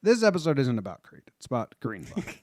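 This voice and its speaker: A man's voice: mid-range voice, wildly swooping pitch, fast talker, dry recording, studio quality. A man hosting a casual movie podcast, upbeat and leading the talk. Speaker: podcast host.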